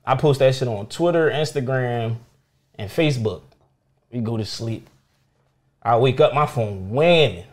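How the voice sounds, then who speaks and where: A young man, a comedian, telling stories in casual chat, animated and swearing freely while acting out the people in them. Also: mid-range voice, measured pace, pauses often. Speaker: comedian guest. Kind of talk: casual storytelling.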